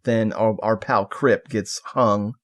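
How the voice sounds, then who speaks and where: Casual podcast man recapping a movie. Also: lowish voice. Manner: relaxed, laughing, retelling scenes with quick put-on quotes. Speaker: podcast co-host. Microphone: video call.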